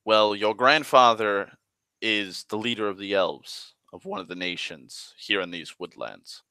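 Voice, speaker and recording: Guy doing a calm fatherly elf god, quiet and patient, slow low voice, dry close sound. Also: vocal fry, clean tone, dry recording, heavily acted. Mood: explaining.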